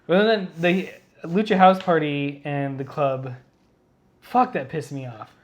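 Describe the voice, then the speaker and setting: A man's voice: fairly high pitch, slow pace, slight background noise. A man co-hosting a wrestling podcast in casual chat, often laughing and chiming in to agree. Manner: agreeable, laughs a lot, chimes in.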